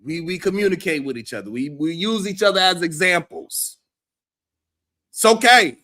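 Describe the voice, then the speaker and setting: High, bright-voiced man ranting. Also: normal speed. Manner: animated, profane, laughs often. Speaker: live-stream commentary host. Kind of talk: casual reaction commentary.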